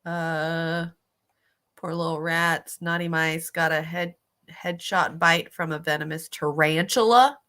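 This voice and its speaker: A woman's voice: deep voice, fairly even intonation, slow pace, bright, forceful tone. A woman streamer reacting casually to videos, chatty and sympathetic, swearing freely.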